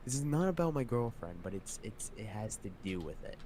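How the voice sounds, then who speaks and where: A young man in casual chat, speaking haltingly and often repeating and restarting his words. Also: on the low side, very animated, dark tone, slight background noise.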